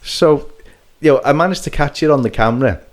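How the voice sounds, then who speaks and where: A man, hosting a podcast and telling a lively story, acting out quotes and laughing often. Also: a little high, a little fast. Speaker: podcast host. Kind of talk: casual anecdote telling.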